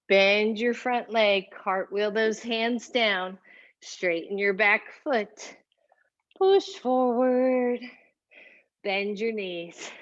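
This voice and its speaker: A woman teaching a yoga class, cueing poses calmly while moving and a little out of breath. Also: a little high, lo-fi sound. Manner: slow, calm cueing with breathy whoops of effort. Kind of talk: guided yoga class instruction.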